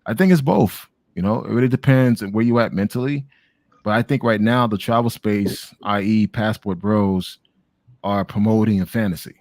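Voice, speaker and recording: A man's voice: lowish voice, normal speed, darkish tone, dry recording, clean studio sound. An American man from Miami chatting casually on a video call, laid-back and slangy, calling everyone man and bro. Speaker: guest on travel talk. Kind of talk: casual chat.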